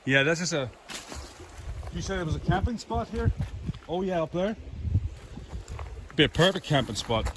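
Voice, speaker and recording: A man's voice: fairly high pitch, big pitch swings, moderate pace, long pauses, background noise. An Irish man hosting a podcast, chatting casually and easygoing while hiking in wooded mountains. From Ireland. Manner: easygoing, chatty, laughs often. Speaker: podcast host. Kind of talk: casual outdoor vlog chat.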